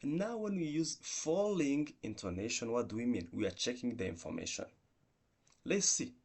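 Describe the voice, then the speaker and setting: A man teaching an online English grammar lesson, explaining slowly and going through example sentences one by one, with restarts and non-native phrasing. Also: mid-range voice, lively intonation, creaky, darkish tone, husky.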